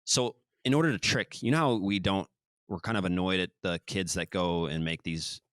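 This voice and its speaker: A man's voice: low voice, normal speed, dry recording. A man hosting a podcast, talking casually and rambling, often acting out quotes. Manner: rambling, animated, acts out quotes. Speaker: podcast host. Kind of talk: casual chat.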